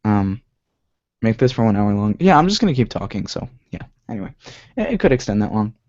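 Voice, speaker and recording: A man's voice: lowish voice, very animated, brisk, darkish tone. A young man hosting a live web show, chatting casually in a rambling way, correcting himself often. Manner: rambling, many restarts and "like" fillers, self-correcting. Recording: dull lo-fi home stream audio.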